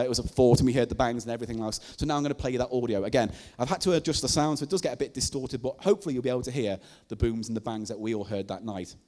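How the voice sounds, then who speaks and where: A man doing stand-up comedy at a live show, telling stories in an animated way and laughing at his own jokes. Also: fairly high pitch. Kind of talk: comic storytelling on stage. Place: live comedy night in a venue.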